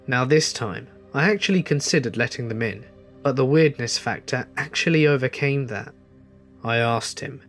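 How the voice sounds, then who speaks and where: A man reading a first-person horror story in a measured, tense way. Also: mid-range voice, fairly bright tone. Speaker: narrator. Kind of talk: scripted horror story narration.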